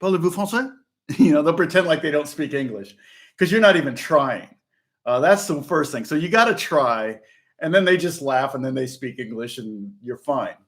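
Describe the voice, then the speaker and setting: A man's voice: mid-range voice, expressive, moderate pace, a bit bright. A middle-aged man from the United States, a guitar teacher talking in a rambling, casual way with frequent laughs and restarts. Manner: rambling, chatty, laughs often, many restarts. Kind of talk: casual live-stream chat.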